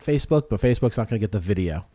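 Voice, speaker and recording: A man's voice: lowish voice, rapid-fire, dry recording. A man hosting a podcast in casual chat, telling rambling stories and acting out quoted lines. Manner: rambling, animated storytelling with quoted asides. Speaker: podcast host.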